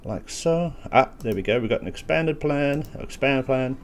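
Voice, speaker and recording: A man's voice: mid-range voice, lively intonation, normal speed. A man hosting a gaming channel, talking casually through a strategy game walkthrough, thinking aloud with self-deprecating asides while he has the hiccups. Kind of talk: gameplay walkthrough commentary.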